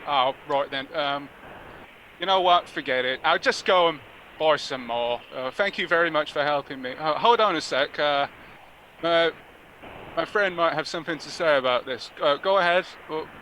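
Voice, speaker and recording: A man's voice: on the high side, moderate pace, sharp tone, slight background noise, rough recording. A man voicing a waffle-obsessed man with a London accent on a prank call, insistent and spelling words out. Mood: polite.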